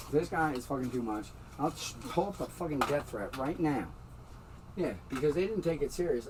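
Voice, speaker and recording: A man's voice: mid-range voice, expressive, fast, a little mellow, far from the mic, slight background noise, poor audio. A man in a heated, swearing rant about his landlord, recorded in his bedroom. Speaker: tenant in a dispute. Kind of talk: angry rant to camera. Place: bedroom at home.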